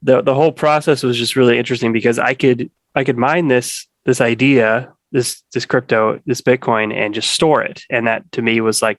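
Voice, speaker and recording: A man's voice: medium pitch, steady tone, moderate pace, few pauses, dry recording. A man speaking as a podcast guest in casual conversation, rambling with many restarts and fillers.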